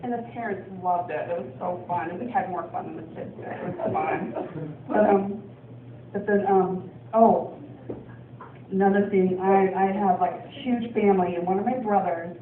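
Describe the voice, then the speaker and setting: A woman's voice: mid-range voice, steady tone, normal speed. Rambling woman comic in an echoey club. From Portland, Oregon. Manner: rambling, with many ums and laughs. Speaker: stand-up comedian. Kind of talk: stand-up comedy set. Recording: distant, echoey, phone-like club recording.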